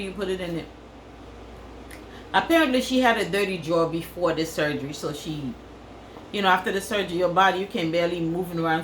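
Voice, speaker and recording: A woman's voice: mid-range voice, fairly bright tone, roomy sound, a little hiss or hum, poor audio. A woman from Africa, telling a crude story in a casual vlog and repeating phrases for effect. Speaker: vlogger.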